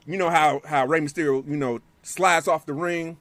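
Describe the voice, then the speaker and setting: A man in a casual chat recapping a wrestling show, animated and laughing as he quotes people. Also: a little high, moderate pace, no echo.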